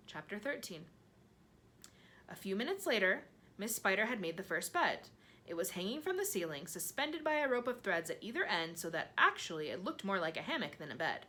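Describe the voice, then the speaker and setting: A woman narrating a children's book aloud in an expressive storytelling manner. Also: mid-range voice, a little fast. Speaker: reader.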